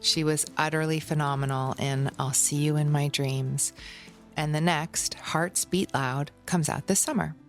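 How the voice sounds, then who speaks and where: A woman's voice: deep voice, steady tone, a little slow, soft background music. A woman in her forties hosting a podcast, reading a scripted intro and asking curious questions. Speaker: podcast host. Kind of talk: scripted intro then casual interview.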